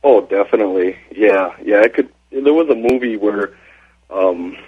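A man's voice: lowish voice, moderate pace, breathy edge. A man calling into a radio show, hesitant and full of fillers, heard over a phone line. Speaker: caller.

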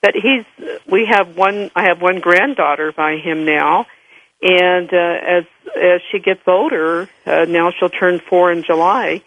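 A man in his sixties calling a radio show, talking in a rambling, halting way with many fillers. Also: high-pitched, highs cut off. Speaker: radio caller.

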